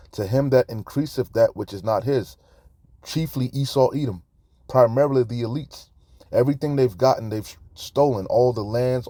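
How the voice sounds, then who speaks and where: A street preacher with a warm, mid-range voice, recorded dry, comments on the news in a fiery, profane rant. Between angry remarks about debt, he reads scripture aloud.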